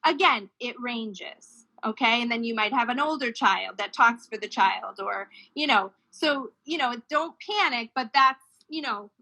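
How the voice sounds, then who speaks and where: A woman's voice: on the high side, lively intonation, unhurried, sharp tone, rough recording. A woman speech therapist explaining how children's language develops, now and then imitating baby sounds. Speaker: speech-language pathologist guest.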